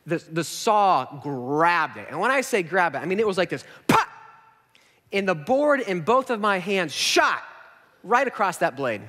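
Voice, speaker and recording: Animated man preaching in a reverberant hall. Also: sits high. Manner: animated, self-mocking storyteller acting out quotes. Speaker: pastor. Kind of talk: sermon storytelling. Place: large church auditorium.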